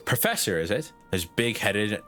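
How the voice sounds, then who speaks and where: A man's voice: lowish voice, wildly swooping pitch, slow pace, vocal fry, sharp tone, faint music behind. A man, casually rambling and laughing while streaming a game. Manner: giggly, rambling, self-deprecating.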